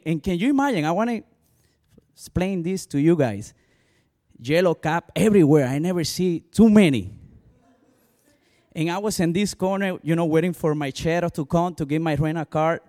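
A male pastor whose first language is Spanish, speaking with a strong accent, shares an animated personal testimony peppered with "you know" asides. His voice sits a little high.

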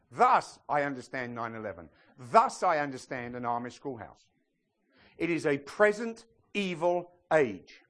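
A man preaching a sermon to a congregation, often checking in with them and joking as he goes. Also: on the high side. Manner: lively preacher, asks the congregation questions, jokes and laughs. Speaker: pastor.

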